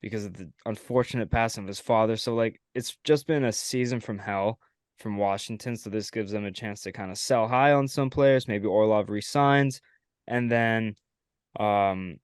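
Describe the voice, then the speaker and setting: A man hosting a casual sports podcast, relaxed and talking with fillers. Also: on the low side, moderate pace, clear, resonant tone, no echo, studio quality. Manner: relaxed, fillers, laughs along. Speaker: host.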